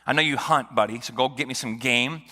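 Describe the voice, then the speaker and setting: A man's voice: mid-range voice, a little fast, sharp tone, voice pushed down. A man voicing a frail, old, nearly blind father who earnestly offers his son a blessing, in a sermon. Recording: long church reverb.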